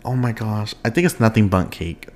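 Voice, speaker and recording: A man's voice: fairly low pitch, normal speed. Bubbly young man hosting a podcast. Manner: bubbly, expressive, laughs often, goes off on tangents. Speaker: podcast host. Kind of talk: casual solo podcast chat.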